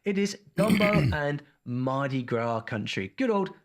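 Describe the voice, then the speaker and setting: A man's voice: mid-range voice, big pitch swings, a little slow. A man hosting and narrating a video in a playful way, quizzing his viewers. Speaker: host and narrator.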